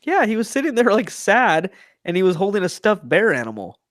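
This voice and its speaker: A man's voice: sits high, brisk, no echo. A young man chatting through a movie plot for his podcast, jumping his voice way up when he plays the characters. The sound is close and dry with no room around it. He keeps a loose, enthusiastic, talkative flow. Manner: animated retelling, acts out characters' lines. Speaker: podcast host. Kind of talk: casual movie review chat.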